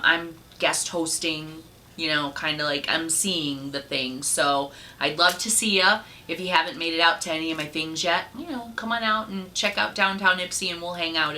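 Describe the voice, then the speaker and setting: A woman's voice: low voice, sharp tone, a little hiss or hum. A woman giving a casual, rambling vlog update in a chatty way, with many fillers. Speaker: vlogger and comedy night host.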